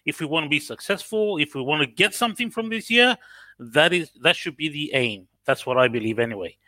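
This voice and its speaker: A man's voice: on the high side, lively intonation, fairly quick, pushed and bright, dry recording. A man from Cyprus with a mixed Australian, American and British accent, calling into a casual football chat and speaking hesitantly with many fillers. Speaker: guest caller.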